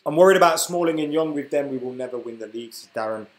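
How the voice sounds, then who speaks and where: A man's voice: on the high side, fast talker, roomy sound, poor audio. A young man hosting a football live stream, chatting casually and reading out viewer comments while he has the hiccups. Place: room at home.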